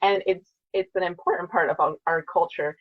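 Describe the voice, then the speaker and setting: A woman speech therapist explaining her work in a casual interview, with a slightly low voice. She is friendly and explanatory and uses lots of fillers. Her audio sounds slightly muffled and lo-fi. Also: fairly even intonation, fairly quick. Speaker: speech-language pathologist guest.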